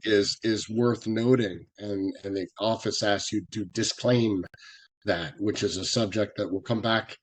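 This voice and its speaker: A man's voice: fairly low pitch, steady tone, unhurried, husky. A man from the US West Coast, a guest expert giving practical copyright advice in a podcast interview, with many small fillers. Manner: earnest, practical, filler-laden explanations.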